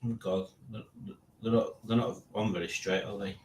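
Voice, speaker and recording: A man's voice: fairly low pitch, flat delivery, normal speed. A man in his late forties hosting a casual live stream, rambling and reading out chat with self-mocking asides. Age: 40s.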